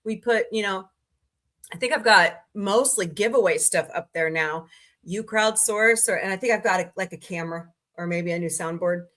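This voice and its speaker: Chatty woman host, bright voice. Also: medium pitch, normal speed. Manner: chatty, greets viewers by name, rattles off lists. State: tired, low energy. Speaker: livestream host. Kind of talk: casual livestream chat.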